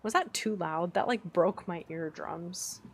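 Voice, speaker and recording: A woman streaming and chatting casually with her viewers, playful and laughing often, her voice a little rough. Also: lowish voice, unhurried, loud music behind the voice. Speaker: streamer reading chat. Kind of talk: casual live-stream chat.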